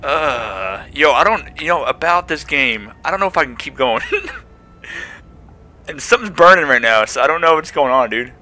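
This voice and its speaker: Young man, horror game commentary, jittery slangy swearing, very bright sharp voice, lively swinging pitch. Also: moderate pace. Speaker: gaming channel host.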